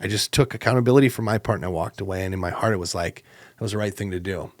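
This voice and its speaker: Low-voiced man telling a story on a podcast. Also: racing, no room sound. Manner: animated, acts out quoted exchanges with jumps in pitch; conversational, with many fillers and restarts. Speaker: podcast co-host. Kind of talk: casual storytelling.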